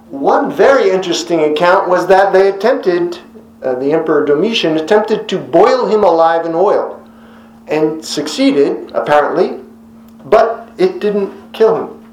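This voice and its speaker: A man's voice: on the high side, reverberant, low-quality recording. A man reading scripture and then teaching it as a pastor, with conversational, wry asides. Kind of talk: Bible teaching sermon.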